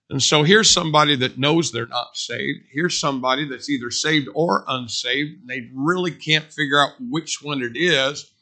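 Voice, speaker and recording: A man's voice: on the high side, normal speed, few pauses, bright, forceful tone. A man preaching a sermon in a conversational, storytelling way, stressing points by repeating them. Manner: conversational storytelling with emphatic repetition.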